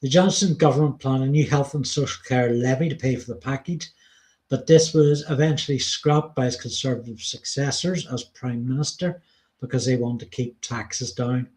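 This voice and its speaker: A British man co-hosts a casual podcast, reading policy notes aloud between frequent ums and the odd swear word. His voice sits at an ordinary middle pitch. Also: normal speed, a little mellow. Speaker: podcast co-host.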